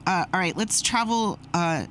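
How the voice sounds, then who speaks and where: A woman's voice: fairly low pitch, normal speed, a bit bright, a little hiss or hum. A woman co-hosting a podcast in casual, playful, joking chat. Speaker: podcast co-host.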